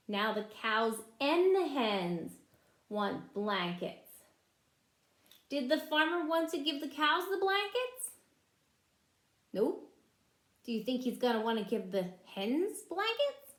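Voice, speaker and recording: A preschool teacher reads a picture book aloud to young children, her fairly high voice rising and falling with animated expression. She takes her time, pausing to ask the children questions, and the room gives the sound a noticeable echo.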